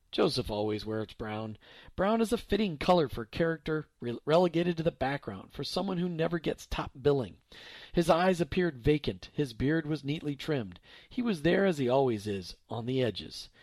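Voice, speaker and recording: A man narrates a story aloud in a reflective, expressive reading. His voice sits a little high and moves a lot in pitch. The recording is dry and close, with no room sound. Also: no room sound.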